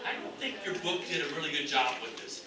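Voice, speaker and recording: A man with a fairly high voice talks fairly quickly over music while teaching an English class, explaining intonation and acting out exaggerated example phrases. It's recorded from a distance in an echoey classroom.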